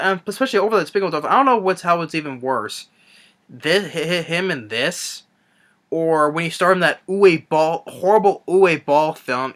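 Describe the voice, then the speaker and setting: Exasperated and scornful, a movie reviewer delivers an off-the-cuff ranting film review in a bright, sharp-edged voice pitched fairly high. His speech is rambling and halting, full of restarts and fillers like "I mean" and "you know."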